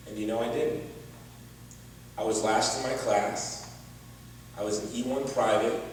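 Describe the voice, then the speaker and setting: A man's voice: medium pitch, slight background noise. A man giving an earnest personal testimony as a gala speaker, with touches of wry humor. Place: large event hall. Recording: distant echoey hall recording.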